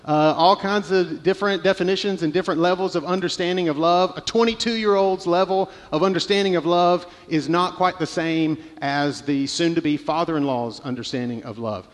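Halting male preacher in a reverberant hall. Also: high-pitched. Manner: halting storytelling with many restarts. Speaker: pastor. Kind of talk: sermon.

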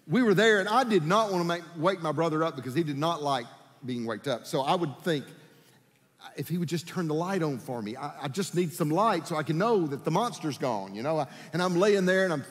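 A male pastor preaching a sermon, telling personal stories with lively delivery and acting out the voices of people in them. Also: on the high side, in a large hall. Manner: animated, acts out voices in his stories. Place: church sanctuary.

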